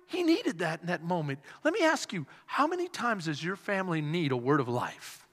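A male pastor preaching a sermon with animated delivery, repeated refrains and call-and-response. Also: sits high, moderate pace, hardly any pauses. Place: church sanctuary. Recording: long hall reverb.

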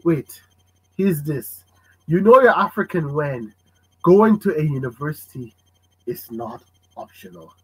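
A man hosting a casual podcast chat, animated and fond of acting out parents' voices. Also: fairly high pitch, unhurried, long pauses, a little hiss or hum, poor audio. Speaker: podcast host.

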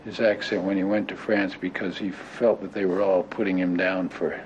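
An older man reminiscing in an interview, talking haltingly with many restarts and fillers. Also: low voice, flat delivery. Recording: dull lo-fi audio with clear noise.

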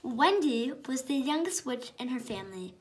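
A woman reading a picture book aloud as a storytime co-host, friendly and explaining the pictures. Her voice sits a little high. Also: animated, moderate pace, a little hiss or hum.

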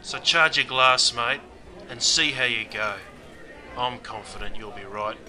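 A man's voice: medium pitch, steady tone, measured pace, a crowd in the background, rough recording. A man with an Australian accent guiding learners through a language course in scripted narration, slangy and matey. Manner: slangy, matey, keeps saying mate. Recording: music bed under the voice. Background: music.

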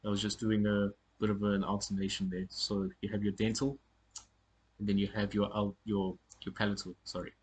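Man, language teacher, husky and lowish voice, halting self-correcting delivery, informal lesson. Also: little pitch movement. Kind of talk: casual spoken lesson on pronunciation.

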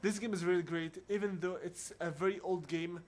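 Man, high voice, casual game walkthrough talk, stumbling over words, reads game text aloud. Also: steady tone, a little mellow, a little hiss or hum. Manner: halting, with frequent restarts and searching for words; reads on-screen dialogue aloud in his own voice. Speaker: video game let's player. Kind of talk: casual gameplay commentary.

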